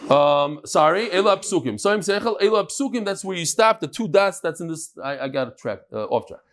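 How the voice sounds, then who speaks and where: A man's voice: sits high, animated, a little fast. A middle-aged man teaching a daily Talmud class in a conversational way, with frequent asides and restarts. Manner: conversational, mixes Hebrew and Aramaic terms, frequent restarts and asides.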